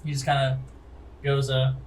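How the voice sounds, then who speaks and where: A man's voice: medium pitch, monotone, moderate pace, a little hiss or hum, poor audio. A man narrating a tabletop game as game master, rambling along with many fillers.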